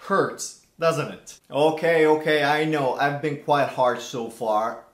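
A middle-aged man hosting a casual vlog, animated and theatrical, with mock outrage. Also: on the high side, takes it slowly, heavy background noise. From Italy. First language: Italian. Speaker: language channel host. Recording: echoey room.

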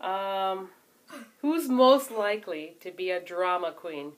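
A woman's voice: medium pitch, animated, slow pace, a little hiss or hum. A woman casually asking her kids challenge questions, teasing them and laughing often. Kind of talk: casual family chat.

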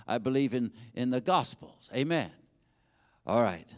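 A man's voice: medium pitch, big pitch swings, measured pace. A man pastor preaching a sermon and leading a prayer, with rising intensity and fervent repetition. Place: church sanctuary.

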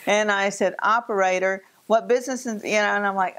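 A woman's voice: mid-range voice, fast, few pauses. Southern Appalachian woman, chatty co-host. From Southern US, Virginia and North Carolina. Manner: animated storyteller, mimics voices. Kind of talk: casual studio chat.

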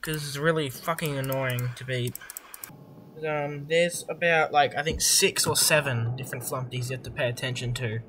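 A young adult gamer giving casual, excitable commentary over a horror game, swearing often and reacting loudly to surprises. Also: medium pitch, normal speed, background noise.

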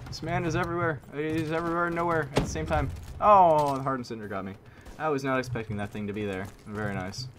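A man giving live commentary over his own gameplay, excitable, repeating himself and using mild minced oaths. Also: medium pitch, quick pace, background noise. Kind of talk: live video game commentary. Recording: loud game gunfire under voice. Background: gunfire and shooting game sounds.

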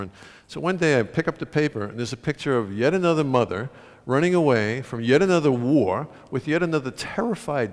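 A man giving a storytelling talk to an audience in a school concert hall, animated and acting out the voices he quotes. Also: medium pitch. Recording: long hall reverb.

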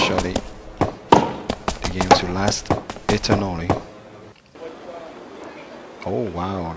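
A man playing a mobile tennis game and commenting live, excitable and self-critical, with frequent exclamations. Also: sits low. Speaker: mobile game let's-play host. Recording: loud background noise.

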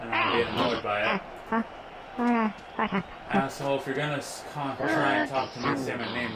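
A young man hosting a blind let's play, commentating excitably, swearing and yelling at the game as he plays. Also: medium pitch, moderate pace, gravelly, very noisy. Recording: loud game music behind the voice.

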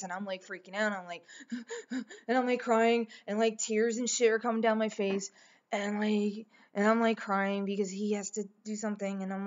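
A young woman telling a story casually as a vlogger, rambling and emphatic, swearing often and acting out what people said. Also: medium pitch. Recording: slightly dull lo-fi recording.

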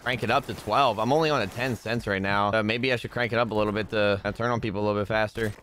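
A young man commentating his own gameplay to viewers, chatting casually and bursting into loud yells when things go wrong. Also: fairly low pitch, fairly even intonation, quick pace, slight background noise. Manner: talks to viewers, bursts into yelling rage at deaths. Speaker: gaming streamer. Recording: faint gunfire behind.

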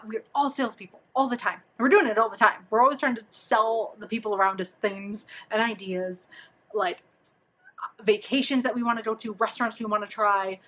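A young woman talking casually to camera, chatty and animated, giving freelance copywriting advice with many fillers and asides. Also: on the high side.

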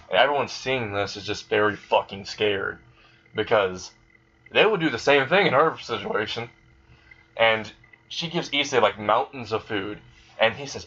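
A man's voice: fairly low pitch, bright, forceful tone, lo-fi sound. A man casually telling an improvised fan story, rambling and swearing as he goes.

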